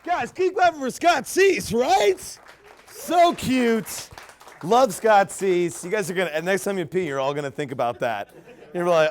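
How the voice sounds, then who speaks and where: A man emceeing at a comedy club, excitably hyping the crowd and introducing the next comedian. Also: a little slow. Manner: excitable, swings pitch a lot.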